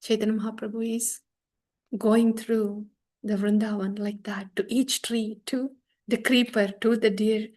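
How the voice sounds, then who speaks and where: A middle-aged woman giving a devotional scripture class, telling the story with animated, acted-out quotes. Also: a little high, measured pace. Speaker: spiritual teacher.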